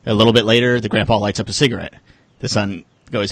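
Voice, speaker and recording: A man's voice: on the low side, fairly even intonation, quick pace, no echo. A man co-hosting a fantasy football podcast, telling jokes and chatting loosely. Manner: joking, loose storytelling. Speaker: podcast co-host. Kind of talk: casual podcast banter.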